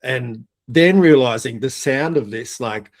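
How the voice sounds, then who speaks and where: A middle-aged man from Australia tells an animated story, peppered with swearing and laughter. His voice sits at an ordinary middle pitch. He talks casually as a podcast guest. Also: a little slow. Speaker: podcast guest, air force veteran.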